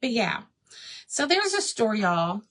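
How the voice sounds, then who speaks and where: A woman's voice: mid-range voice, big pitch swings, measured pace, a bit bright. Chatty woman crafting live. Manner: chatty storyteller, addresses viewers as y'all. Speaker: crafting livestream host. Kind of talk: casual chat while painting. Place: home craft room.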